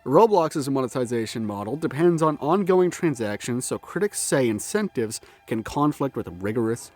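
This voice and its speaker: A man mid-rant in a commentary video, swearing constantly and breaking off to laugh at his own tangents. He sounds slightly out of breath from the cold, with a voice of ordinary middle pitch. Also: animated, moderate pace, darkish tone. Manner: profane, swears freely, self-interrupting with laughs and asides. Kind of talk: ranting video-essay commentary. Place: outdoors in the cold.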